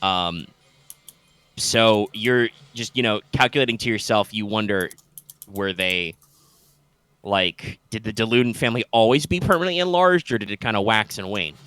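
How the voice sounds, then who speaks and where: A man's voice: on the low side, normal speed, fairly bright tone, smooth. A man narrating a tabletop game as game master, describing scenes loosely with lots of fillers.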